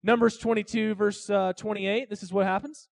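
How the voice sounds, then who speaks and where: A man's voice: high-pitched, steady tone, moderate pace, no echo, clean studio sound. A man preaching a sermon in a casual, joking storytelling manner, speaking asides to his congregation. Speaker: pastor.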